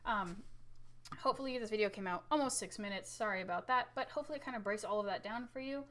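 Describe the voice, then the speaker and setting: A woman music teacher gives a casual recorded lesson, lively and chatty, often asking "right?" and using her own voice to show loud and soft. She has a medium pitch and talks fast.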